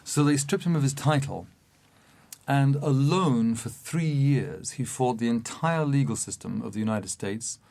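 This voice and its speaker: A man telling an anecdote in an animated way, often laughing as he goes. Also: medium pitch, unhurried, vocal fry. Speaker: storyteller. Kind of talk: anecdotal storytelling.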